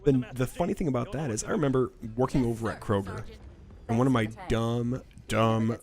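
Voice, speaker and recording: A man's voice: mid-range voice, brisk, darkish tone. Rambling gamer man telling stories. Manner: rambling storyteller, laughs often. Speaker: co-host. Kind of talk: casual chat while gaming.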